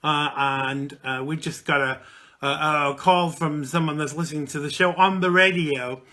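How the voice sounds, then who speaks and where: A man of about forty hosts a live call-in radio show, chatting casually and rambling with plenty of ums, fillers and restarts. His pitch is fairly high and his intonation fairly even. He talks at a moderate pace with a bright, forceful tone.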